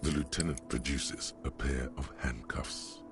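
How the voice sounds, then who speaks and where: A man voicing a stern, sardonic male narrator in a video game, with a measured, deliberate delivery. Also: a bass voice, steady tone. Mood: narrating. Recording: music playing underneath.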